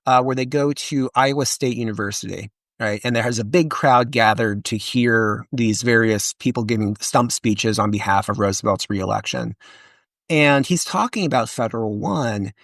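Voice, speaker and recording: This historian and author speaks at a medium pitch and moderate pace during an informal podcast interview. The recording is dry, and he's animated, chatty, and keeps restarting with frequent fillers.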